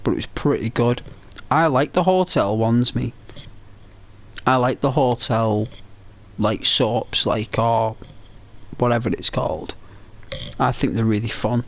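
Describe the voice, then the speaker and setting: A man's voice: mid-range voice, unhurried, long pauses. A man casually chatting while playing a game, rambling and hesitant, full of fillers and restarts. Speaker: gaming channel host.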